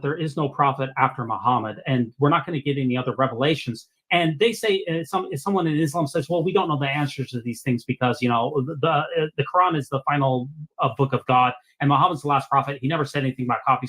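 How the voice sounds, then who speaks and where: Man, host, fast talker, slightly high voice, casual call-in chat, video call. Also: a bit bright. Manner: reads out memes with playful emphasis.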